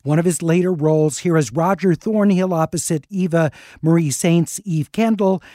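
A man hosting a radio film program, introducing clips and interviewing a guest in a measured, conversational way. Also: on the high side, warm tone, dry recording, studio quality. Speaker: radio talk show host.

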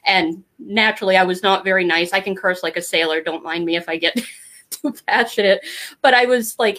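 A woman's voice: medium pitch, moderate pace. Middle-aged woman, interview guest, candid, rambling, acts out quotes. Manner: candid, rambling, animated when quoting others. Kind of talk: casual storytelling.

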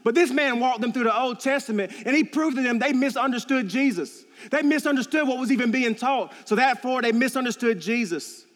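A man's voice: extremely high pitch, fairly quick, few pauses, a bit bright, in a large hall. A man preaching a sermon in a church, earnest and storytelling, repeating key phrases for emphasis. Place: church sanctuary.

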